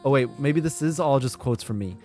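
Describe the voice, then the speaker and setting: A man's voice: medium pitch, a little fast, faint music behind. A man hosting a live strategy game stream, commenting eagerly to his chat and breaking into laughs. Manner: excitable, laughs and talks to chat. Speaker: streamer and lobby host.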